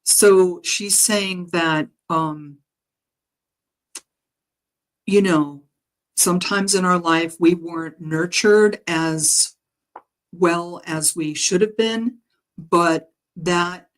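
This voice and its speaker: A woman who works as a spiritual healer, passing on meditation messages in a gentle, halting way with frequent pauses and fillers. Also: on the low side, poor audio. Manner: gentle, halting, with frequent ums and soft laughs. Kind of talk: guided meditation message reading. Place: home live stream.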